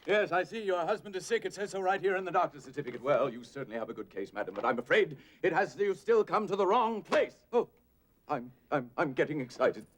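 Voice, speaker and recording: A flustered, fussy bank manager. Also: male voice, on the high side, lively intonation, fairly quick, a bit bright, slight background noise. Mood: strained patience. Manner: fussy, increasingly frantic, over-explaining. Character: flustered, exasperated middle-aged bank manager. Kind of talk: film acting.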